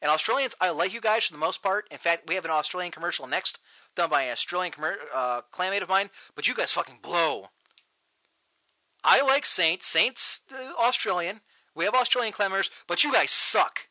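A man hosting a show, ranting loudly and profanely in a mocking tone, recorded on dull lo-fi audio. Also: sits high, brisk, no room sound. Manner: loud, profane, mocking rant. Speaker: podcast host. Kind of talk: ranting comedic talk show.

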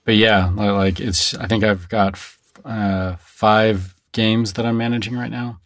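Man, low voice, easygoing halting talk, dry studio mic. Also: dry recording. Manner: relaxed, halting, many fillers. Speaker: game localization producer. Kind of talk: casual podcast chat. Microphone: close studio mic.

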